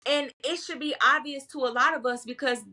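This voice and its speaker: A woman with a fairly high, vivid and forceful voice talks candidly as a guest. She is bold and vocal, doubling back on words for emphasis in a relaxed podcast conversation. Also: fairly quick. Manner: bold, emphatic, repeats words when stressing a point. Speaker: herbalist guest.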